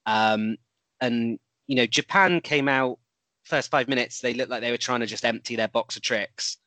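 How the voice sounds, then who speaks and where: A man's voice: mid-range voice, normal speed, bright, forceful tone, dry recording. A man co-hosting a casual rugby chat, rambling a little with restarts and fillers. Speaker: podcast co-host.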